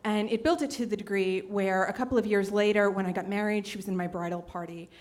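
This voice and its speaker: A woman's voice: fairly even intonation, fast talker. A woman in her late twenties telling a personal story on stage, conversational, with many fillers, acting out the quotes. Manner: conversational, many fillers, acts out quotes with big pitch jumps. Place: stage at a live storytelling event.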